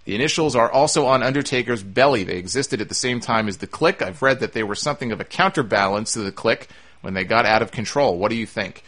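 Bright-voiced man hosting a podcast. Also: medium pitch, fast talker. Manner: conversational, with frequent "uh" fillers and restarts. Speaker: podcast host answering listener mail. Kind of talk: casual podcast talk.

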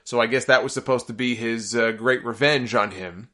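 A man's voice: mid-range voice, normal speed, pushed and bright. A man hosting a solo podcast, giving sarcastic, opinionated commentary and getting exasperated and worked up. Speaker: podcast host.

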